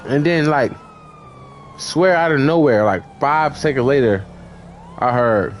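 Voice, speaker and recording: A young man in voice chat, rambling through a profane story full of "like" and restarts, acting out lines with shouts. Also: medium pitch, unhurried, pauses often, a little hiss or hum. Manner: acts out quoted lines, shouting and laughing. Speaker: gamer in voice chat.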